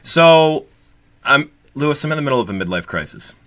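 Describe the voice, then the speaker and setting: A man's voice: on the high side, very animated, a little fast, a bit bright, no echo. A man in his late thirties, a guest co-host in casual, rambling podcast chat, swearing and joking. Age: late 30s. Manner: rambling, profane, jokey.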